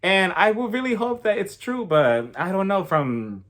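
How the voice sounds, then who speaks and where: A man's voice: high-pitched, normal speed. A young man giving a casual, gossipy recap of a reality show and acting out what the cast said. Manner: animated, gossipy, acts out quotes. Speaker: reality TV reviewer.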